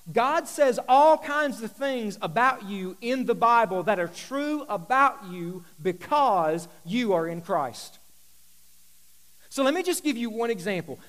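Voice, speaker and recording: A man preaching as a pastor, moving between quiet, intimate asides and loud, emphatic declarations. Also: extremely high pitch, rough recording. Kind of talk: sermon.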